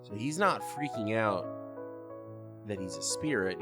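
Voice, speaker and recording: A man narrating a tabletop role-playing game as game master in slow, measured storytelling. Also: lowish voice, expressive. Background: background music.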